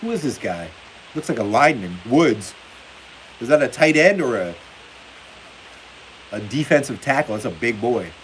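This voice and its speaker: A man's voice: mid-range voice, big pitch swings, moderate pace, long pauses, fairly bright tone, rough recording. A man hosting a football livestream in casual chat, reading viewer comments aloud and laughing often. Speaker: livestream host. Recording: faint hiss behind the voice.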